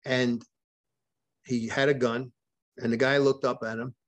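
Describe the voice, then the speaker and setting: A man speaking as a podcast guest, unspooling a long anecdote in plain conversational speech. He stumbles and restarts often, repeating words as he goes, and drops in quoted dialogue from the people in his story. His pitch sits in an ordinary middle range. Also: flat delivery, a little slow. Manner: retells events with quoted dialogue.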